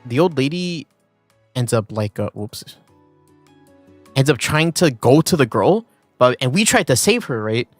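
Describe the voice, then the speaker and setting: A man's voice: medium pitch, very animated, a little slow, long pauses, no room sound, soft background music. A man streaming, telling a long story in a casual rambling way, full of fillers and restarts. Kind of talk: casual chat.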